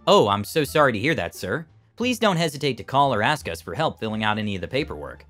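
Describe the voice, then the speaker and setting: A man's voice: mid-range voice, sing-song, fast, fairly bright tone, faint music behind. A man voicing a friendly but firm clinic medical assistant who speaks professionally to patients. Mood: polite, firm.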